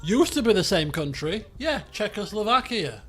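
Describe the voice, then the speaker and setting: A man streaming a geography guessing game, chatty and excitable, swearing and breaking into shouts when frustrated. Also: sits high, normal speed, husky, soft background music. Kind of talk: casual live-stream commentary while playing a geography guessing game.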